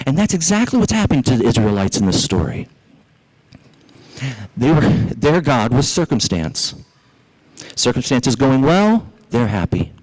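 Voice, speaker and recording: A male pastor with a Southern US accent delivers a sermon, speaking at a middle pitch. He tells a children's story with animated energy and asks the congregation questions directly. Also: measured pace, poor audio.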